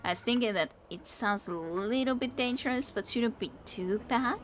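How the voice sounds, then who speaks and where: A woman's voice: a little high, moderate pace. A young woman, chatting and giggling as she streams a game and talks to the enemies she fights. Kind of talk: casual let's-play commentary. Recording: game music playing under the voice. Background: video game music.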